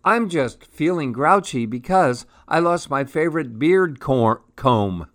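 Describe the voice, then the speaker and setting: A man's voice: a little high, lively intonation, a little slow. A man voicing a grouchy goat in a storybook, grumbling an apology. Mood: grumbly. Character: grouchy goat who lost his beard comb.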